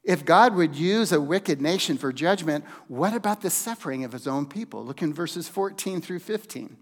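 A man preaching a sermon in a slow, deliberate way, with dramatic pauses and hushed emphasis. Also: fairly high pitch, expressive. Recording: long hall reverb.

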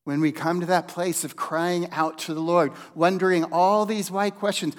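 A man preaching a sermon in a slow, deliberate way, with dramatic pauses and hushed emphasis. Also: high voice, fairly even intonation. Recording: long hall reverb.

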